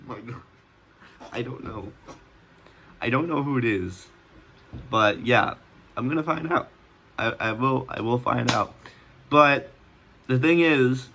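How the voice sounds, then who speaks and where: A man's voice: medium pitch, sharp tone. Rambling teenage guy recounting a dream. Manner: rambling, frequent restarts and fillers, laughs often. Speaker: vlogger. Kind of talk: casual storytelling.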